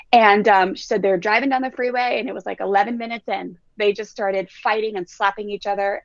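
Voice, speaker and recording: Animated woman coach with a gravelly voice. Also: fairly high pitch, no room sound, lo-fi sound. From Southern California. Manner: animated storyteller who acts out kids' voices. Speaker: parenting coach guest. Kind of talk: podcast conversation.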